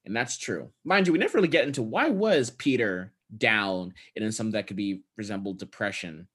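A man co-hosting a podcast in casual chat, recapping a film with joking, profane, animated retelling. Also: on the low side, brisk, husky. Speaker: podcast co-host.

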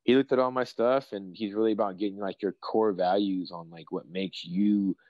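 A young man, a professional fighter, chatting casually in an interview and telling rambling, excitable, profane stories. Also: fairly low pitch, normal speed, no room sound, lo-fi sound.

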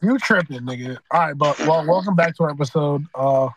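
Young man, slightly high voice, laid-back joking podcast host, faint hiss. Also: fairly quick. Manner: loose, joking, laughs often. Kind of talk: casual podcast chat with friends.

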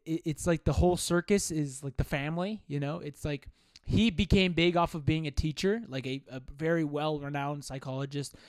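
A young man hosting a solo podcast, telling a rambling, profane, animated story. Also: on the high side, clean tone, no echo, studio quality. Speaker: podcast host. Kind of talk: casual solo podcast monologue.

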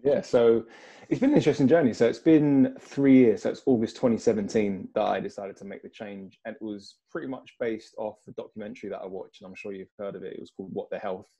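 Thoughtful London man, mellow low voice, speaking as a guest on a video call. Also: steady tone, fast, slightly rough. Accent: London English. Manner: reflective, earnest, thinks aloud. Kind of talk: casual video-call conversation.

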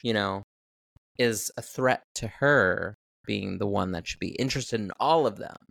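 A man's voice: fairly low pitch, measured pace, gravelly, a bit bright, no room sound, studio quality. Chatty man adding movie trivia. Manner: chatty, adds trivia with fillers. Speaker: podcast co-host. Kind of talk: casual film recap chat.

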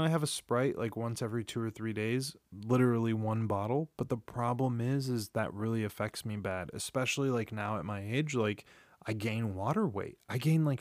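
A man's voice: lowish voice, darkish tone, no echo, clean studio sound. A man in his thirties hosting a solo podcast, rambling and confessional, swearing often and restarting his sentences, tired and yawning. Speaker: podcast host. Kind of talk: candid solo podcast monologue. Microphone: studio microphone.

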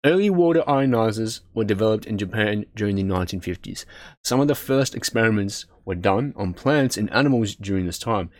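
Man reading aloud, trips over words, slips into casual chatty asides; low voice, dry sound. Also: animated, brisk, no echo. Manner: stumbles over words, swears and laughs at himself; reads aloud, then breaks into chatty asides.

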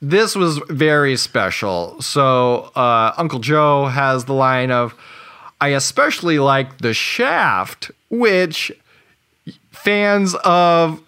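A man's voice: medium pitch, lively intonation, slow pace, sharp tone, clear, resonant tone. A man co-hosting a casual movie podcast, reading out quotes with dry amusement. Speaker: podcast co-host.

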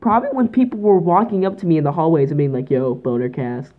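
A woman's voice: fairly low pitch, expressive, racing. A teenage girl from Canada hosting her own podcast alone, in a goofy, rambling and mock-dramatic way. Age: teens. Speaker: podcast host. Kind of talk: solo podcast chat. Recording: tinny phone-like home mic.

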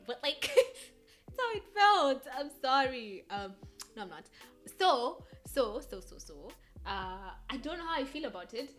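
A woman's voice: medium pitch, animated, moderate pace, a bit bright, soft background music. A young woman from Kenya with a Kenyan accent drifting American, hosting a casual solo podcast chat and hopping between thoughts with frequent laughs. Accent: Kenyan English drifting American. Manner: rambling, hops between thoughts, laughs often. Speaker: podcast host.

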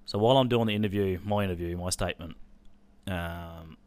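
A man's voice: deep voice, a little fast, darkish tone, clear, resonant tone. An Australian man telling a personal story in an intense, blunt way, swearing freely.

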